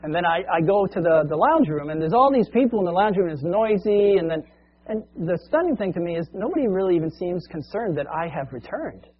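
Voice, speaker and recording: A male preacher telling a long story as a sermon illustration, in a conversational, animated way, on a muffled lo-fi recording. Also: sits high, a little fast, breathy edge.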